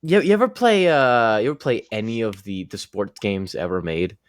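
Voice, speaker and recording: Laid-back man with a lowish voice. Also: expressive, normal speed, smooth, no echo, studio quality. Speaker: player. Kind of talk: casual chat with friends while gaming.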